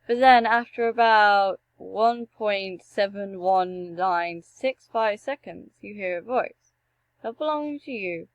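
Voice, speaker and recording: A young woman reading a text adventure game aloud and breaking off for joking, animated asides and the odd swear. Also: medium pitch, slow pace, dry recording, low-quality recording. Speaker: gameplay streamer.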